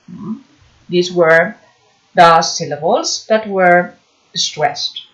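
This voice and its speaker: A woman teaching an English lesson, slow and patient, often checking understanding with a questioning "hmm?". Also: lowish voice. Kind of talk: online class lesson. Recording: dull lo-fi recording.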